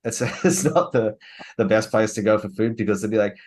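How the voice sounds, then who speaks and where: A man in casual chat, relaxed and loose, peppering his talk with fillers. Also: lowish voice, a little fast. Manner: relaxed, heavy use of "like" fillers.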